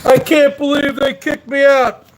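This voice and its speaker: A man's voice: very high-pitched, completely flat delivery, unhurried. A man mocking a wailing, self-pitying drunk streamer. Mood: whining. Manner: wailing, repetitive complaining.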